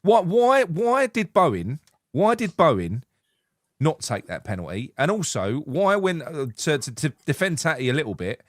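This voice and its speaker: A man from England co-hosting a casual football podcast, animated and swearing freely, reading out viewer comments. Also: fairly high pitch, normal speed, no echo, studio quality. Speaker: podcast co-host.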